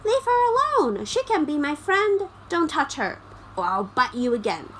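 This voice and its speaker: A wild, bossy little robber girl, as a woman reads her aloud. The voice is high and loud and snaps out orders at speed. She is a storybook figure in a graded reader. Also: sing-song, moderate pace, slight background noise, rough recording.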